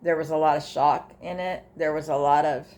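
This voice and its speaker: An older woman, talking casually in a personal vlog, halting with fillers and restarts, emotional and close to tears at times. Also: deep voice, fairly even intonation, a little mellow. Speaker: vlogger sharing her grief journey.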